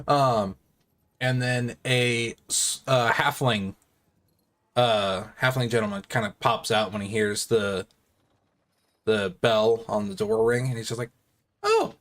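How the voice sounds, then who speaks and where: A man's voice: on the low side, takes it slowly, pauses often. Laid-back male game master. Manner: laughs easily, relaxed narration. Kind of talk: narrating a tabletop game.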